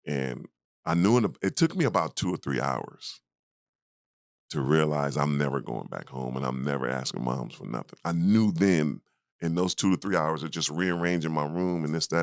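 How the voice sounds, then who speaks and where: A man's voice: a bass voice, normal speed, creaky, no echo, studio quality. A man in his fifties, a former basketball player, telling stories in a casual interview and acting out the people in them. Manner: animated storyteller who acts out the people in his story.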